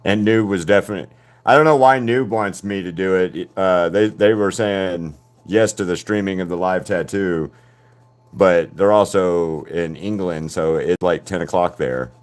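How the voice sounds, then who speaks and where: Low-voiced man rambling on a live stream. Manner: rambling, halting, many fillers and restarts. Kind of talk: casual live-stream chat.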